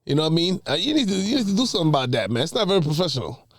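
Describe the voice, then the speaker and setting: A man from Jamaica with a Jamaican accent, a podcast guest telling a story in an animated, exasperated way. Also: a little high, racing, no echo, clean studio sound. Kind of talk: casual storytelling.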